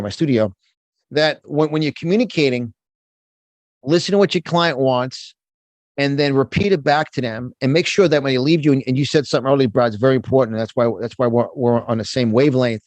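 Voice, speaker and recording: A male motivational speaker, a guest in an animated interview, speaks emphatically and often repeats himself. He talks from his home studio in a medium-pitched voice, recorded without echo.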